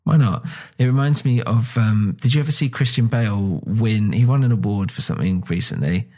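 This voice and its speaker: A British man in a loose, rambling podcast chat with a somewhat low voice. He hesitates often and swears casually as he works through his thoughts. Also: a little fast, warm tone. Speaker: podcast co-host.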